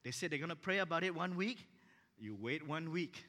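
Pastor guy preaching, tells stories and acts out what people said, bright forceful voice, kinda high, big echoey hall. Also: normal speed. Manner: animated, acts out dialogue in his stories. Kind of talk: sermon storytelling.

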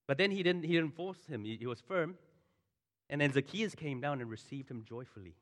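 A pastor giving a sermon in a conversational, animated way, full of asides and storytelling. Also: male voice, on the high side, a little fast. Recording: long hall reverb.

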